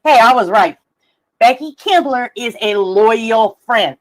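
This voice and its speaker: High-voiced woman ranting profanely. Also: animated, takes it slowly. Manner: profane, combative, mocking; reads messages aloud, laughs between jabs. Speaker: live streamer. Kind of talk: ranting live stream commentary.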